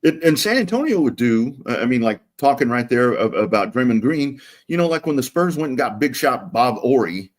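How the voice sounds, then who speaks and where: A man co-hosting a live sports talk stream, relaxed and rambling as he talks. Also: mid-range voice, brisk, few pauses. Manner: relaxed and rambling, with many restarts. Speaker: sports talk show co-host.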